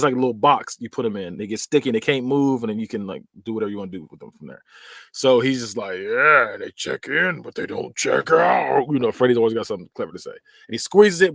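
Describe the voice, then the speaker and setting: A man with a mid-range voice hosts a podcast, loosely recapping movie scenes in studio quality with no echo. He's animated and filler-heavy, performing yelps, screams, and quoted voices.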